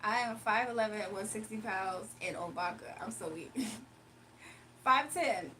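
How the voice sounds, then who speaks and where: A woman's voice: medium pitch, moderate pace, sharp tone, slight background noise. A woman hosting a casual livestream, reading chat comments aloud and laughing often. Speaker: livestream host.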